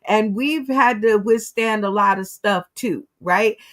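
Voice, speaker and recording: A woman's voice: medium pitch, a little slow, a bit bright. A woman hosting a casual commentary show, giving her opinions on the news and speaking straight to her audience. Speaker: host.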